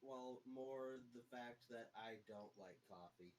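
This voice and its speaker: A sleepy young adult man playing in a casual online tabletop game, talking in a drowsy, unhurried way. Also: medium pitch, a little mellow. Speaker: player. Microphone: online voice call.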